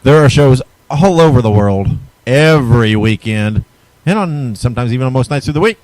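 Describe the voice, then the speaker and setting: A man's voice: medium pitch, animated, normal speed, darkish tone, dry recording, rough recording. Easygoing male podcast host, dry sound. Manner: easygoing, chatty, reads show plugs. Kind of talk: casual podcast chat.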